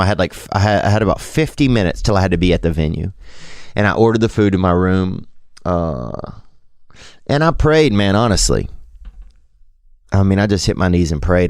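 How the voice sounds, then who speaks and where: A man's voice: lowish voice, smooth, no echo, studio quality. A man in his thirties with a Southern American accent, telling a rambling, self-deprecating story in a casual monologue.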